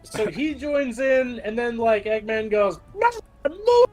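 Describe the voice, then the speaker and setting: A man's voice: very high voice, a little slow, over music. A man in casual chat on an art stream, rambling and hesitant with many fillers.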